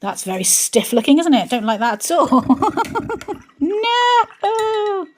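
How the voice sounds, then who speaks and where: A woman's voice: on the high side, sing-song, measured pace. Chatty woman painting live. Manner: chatty, talks to herself while painting, playful. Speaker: art channel host.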